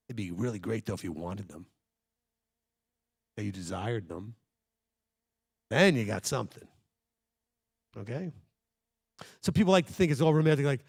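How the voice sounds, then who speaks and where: A man's voice: mid-range voice, vocal fry, no echo, clean studio sound. A man leading a congregation as its rabbi, teaching in a conversational and emphatic way, speaking straight to the listeners.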